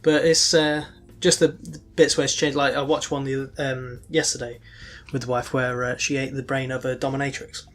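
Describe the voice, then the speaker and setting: A man's voice: mid-range voice, flat delivery, a little fast, few pauses, a bit bright. A man co-hosting a podcast, rambling casually with many ums and restarts. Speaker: podcast co-host. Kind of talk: casual chat.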